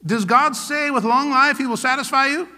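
A man's voice: very high-pitched, normal speed, bright, forceful tone, in a large hall. A man preaching a sermon as pastor, emphatic and fond of calling out "come on now" to his listeners.

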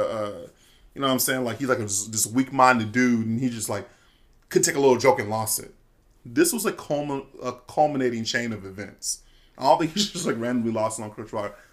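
A man's voice: mid-range voice, a bit bright. A young man in casual chat, telling stories loosely with lots of fillers and restarts. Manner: loose storytelling, lots of fillers and self-interruptions.

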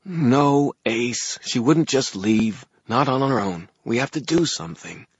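A man's voice: medium pitch, animated, measured pace, breathy edge, dry recording, dull audio, voice pushed up. A man voicing a brawny young woman who speaks in a blunt, growling, tired way. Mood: urgent.

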